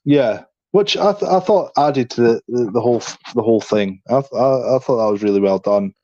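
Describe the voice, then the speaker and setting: In a dry, slightly dull recording, a man co-hosts a podcast with casual chat. His mid-range voice is brisk and dark, and he rambles, restarting often and saying "you know what I mean."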